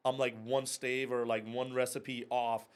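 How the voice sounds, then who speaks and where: An animated man in his thirties spins anecdotes as a podcast guest. He swears freely and laughs through his own story, speaking in a casual, unpolished way. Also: mid-range voice, a little slow, clear, resonant tone. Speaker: podcast guest, whiskey club and bar owner.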